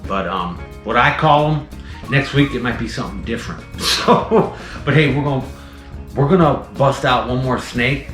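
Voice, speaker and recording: A man's voice: mid-range voice, animated, normal speed, a bit bright. A chatty man hosts a casual tour of his venomous snake collection, rambling with plenty of fillers. His voice sits in the middle range for a man. It rings in an echoey indoor room, with faint music underneath. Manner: chatty, rambling, frequent "um" and "let me tell you". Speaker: venomous snake keeper and channel host.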